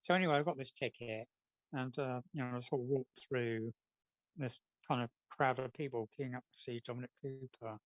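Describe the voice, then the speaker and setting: A man's voice: mid-range voice, steady tone, brisk, dry recording, muffled recording. A man, a comic artist being interviewed, telling long rambling anecdotes in a casual chat. He slips into the voices of the people in his stories. The sound is dry, with no room around it. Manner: chatty, rambling storyteller acting out quotes.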